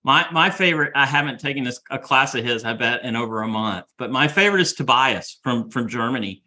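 A man's voice: mid-range voice, animated, fairly quick, bright, forceful tone. A middle-aged man co-hosting a podcast, chatting casually and repeating himself as he talks. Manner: rambling, repeats words while talking. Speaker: podcast co-host. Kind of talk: casual chat.

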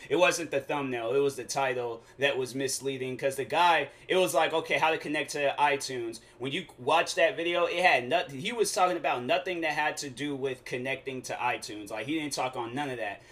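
A man's voice: on the high side, bright, forceful tone. A young adult man hosting a solo podcast, talking casually in a rambling, slangy way and correcting himself as he goes. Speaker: podcast host.

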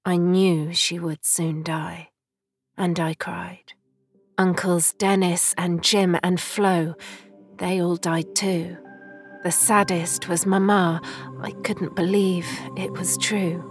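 A woman reading a poem and a short story aloud in a soft, solemn storytelling manner. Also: on the low side, level tone, slow pace, faint music behind. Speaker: reader of poems and stories. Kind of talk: slow literary reading.

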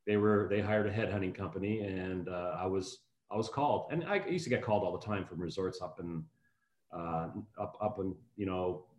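A man's voice: low-pitched, normal speed, a little mellow, muffled recording. A man in his fifties, a guest in an interview, talking in a friendly, rambling way with many restarts. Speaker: guest, hotel executive. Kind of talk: casual interview talk. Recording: echoey room.

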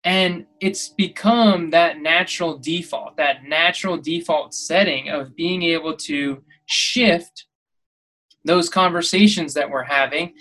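A man's voice: a little high, takes it slowly, bright, forceful tone, poor audio. A man talks straight to his podcast listeners in a motivational monologue. He preaches and exhorts, and he keeps pushing his voice up to emphatic peaks. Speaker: podcast host.

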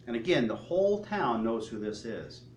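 A male pastor preaching a sermon, telling the story in an animated way and asking the congregation questions. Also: medium pitch, normal speed, slight background noise. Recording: echoey hall, faint ambience.

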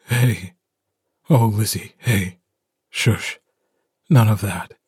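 A man voicing a gentle, steady male alpha werewolf, speaking in a soft, slow, soothing way. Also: fairly low pitch, husky, dry recording, clean studio sound, exaggerated voice. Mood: tender.

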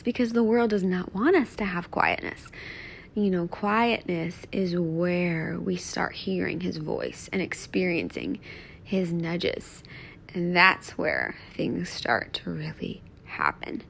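A young woman hosting a reflective devotional talk from home, soft and earnest, often dropping to a near-whisper. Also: medium pitch, gravelly, slight background noise. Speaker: podcast host.

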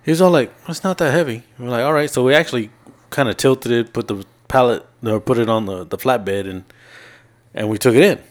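A man's voice: medium pitch, brisk. A man co-hosting a podcast, telling long stories from his week in casual, profane chat and acting out what people said. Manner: profane, animated retelling with laughs. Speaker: podcast co-host.

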